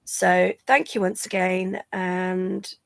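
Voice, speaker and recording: Drowsy woman with a creaky voice. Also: lowish voice, flat delivery, slow, no echo. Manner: rambling, drowsy and yawning. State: drowsy from medication. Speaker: vlogger going live. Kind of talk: casual live-stream chat.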